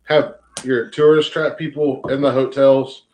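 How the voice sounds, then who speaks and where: A man's voice: medium pitch, little pitch movement, measured pace, darkish tone. Blunt, opinionated podcast co-host man. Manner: blunt, opinionated, swears freely. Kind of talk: casual chat.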